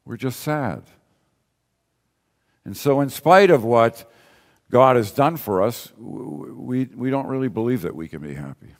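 Male preacher, unhurried sermon delivery, repeats phrases, rhetorical questions, big echoing church. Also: medium pitch, lively intonation, vocal fry. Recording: long reverb of a large hall.

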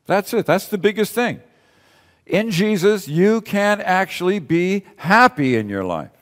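Slow-speaking preacher in a reverberant hall. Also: male voice, sits high, animated. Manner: conversational, repeats key phrases, asks rhetorical questions. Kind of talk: sermon. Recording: long reverb of a large hall.

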